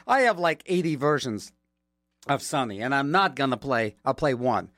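A man's voice: mid-range voice, big pitch swings, moderate pace, fairly bright tone, no room sound, soft background music. A man working as a radio DJ, chatting casually between songs with rambling, joking asides, from a studio mic.

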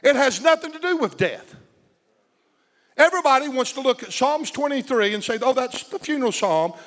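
A man's voice: extremely high pitch, lively intonation, moderate pace, a bit bright. A man preaching a sermon with passion, calling out to his congregation and drawing responses from them. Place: church sanctuary. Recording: long reverb of a large hall.

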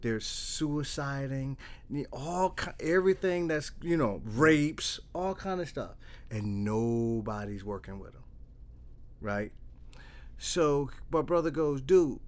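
A man's voice: mid-range voice, slow. A middle-aged man, a trauma therapist, telling a story in casual conversation and acting out the dialogue with lots of restarts. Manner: animated storyteller, acts out dialogue, repeats and restarts.

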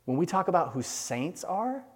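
A man's voice: high-pitched, sing-song, moderate pace, breathy edge, in a large hall. A man preaching a sermon as a pastor, building his points in rhythmic lists and acting out imagined prayers.

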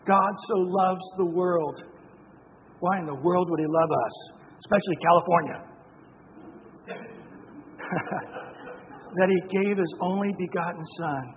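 A man's voice: high-pitched, slight background noise. A man preaching a sermon in an emphatic, conversational way, with asides to the congregation. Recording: dull lo-fi sound with long reverb in a hall.

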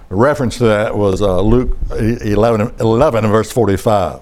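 A man's voice: mid-range voice, brisk, few pauses, a little mellow. A middle-aged man preaching a sermon in a folksy, conversational way with sarcastic asides.

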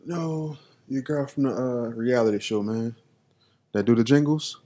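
A man's voice: medium pitch, unhurried, dark tone. A man, cussing and wisecracking in casual podcast banter.

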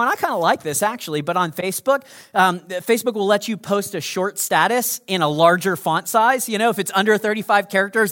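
A man preaching a sermon as pastor, animated, swinging between loud emphasis and soft whispers. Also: sits high.

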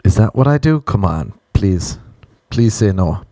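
A young Irish man doing a comic monologue on a podcast, swearing freely and mocking himself in an animated rant. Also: fairly low pitch, unhurried, no room sound.

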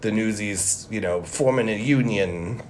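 A man's voice: on the low side, a little slow, a crowd in the background. A man co-hosting a podcast in casual chat, rambling and teasing with lots of fillers. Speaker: podcast co-host.

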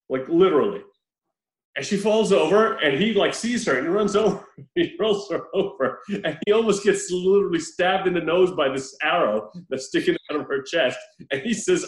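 Animated man recapping a movie, echoey room. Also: high-pitched. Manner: animated storytelling with laughs and mimicked quotes. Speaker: podcast co-host. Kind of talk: casual chat recapping a movie.

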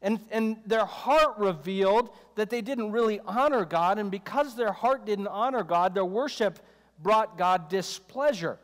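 High-voiced male preacher in a reverberant hall. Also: unhurried. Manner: conversational, joking asides, acts out quoted voices. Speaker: pastor. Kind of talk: sermon.

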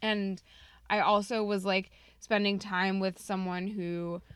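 A woman's voice: mid-range voice, flat delivery, takes it slowly, clear, resonant tone, no echo. Chatty woman podcast host in her thirties. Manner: chatty storytelling, lots of "like". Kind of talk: casual chat.

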